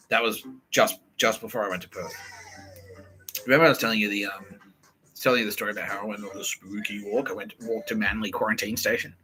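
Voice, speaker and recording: Bright-voiced man, ranting. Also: fairly low pitch, slight background noise, rough recording. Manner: profane, rambling, restarts mid-sentence. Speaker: podcast host. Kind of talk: casual rambling monologue.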